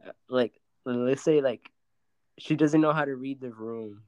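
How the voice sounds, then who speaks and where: A man's voice: mid-range voice, unhurried, dark tone, smooth, no room sound. Slangy young man on a podcast. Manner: loose, slangy and profane, full of filler likes. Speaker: podcast co-host. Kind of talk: casual podcast chat.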